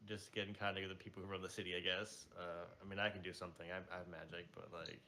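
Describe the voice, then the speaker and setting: A man's voice: low voice, little pitch movement, racing, bright, forceful tone, a little hiss or hum. A young man playing a tabletop game, hesitant and dry in casual chat. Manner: hesitant, dry, many uh's. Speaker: player.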